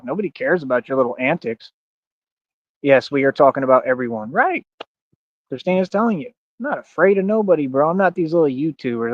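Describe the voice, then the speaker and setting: Male streamer, higher voice, boastful rant, dry dull lo-fi audio. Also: no echo. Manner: boastful, confrontational, challenging viewers; slangy, repeats bro and like. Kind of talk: ranting livestream talk.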